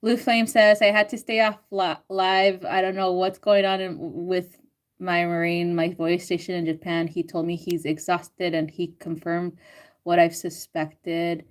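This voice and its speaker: A young woman reading out live chat comments on a stream, chatting casually with frequent swearing, laughter and animated self-quotes. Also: on the low side, measured pace. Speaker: astrology and tarot reader reading live chat.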